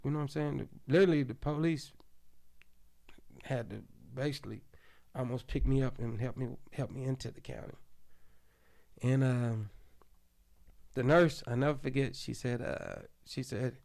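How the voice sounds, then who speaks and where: A man from Oklahoma City, a podcast guest, telling a story in casual, animated speech full of slang and profanity. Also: medium pitch, normal speed, creaky, pauses often.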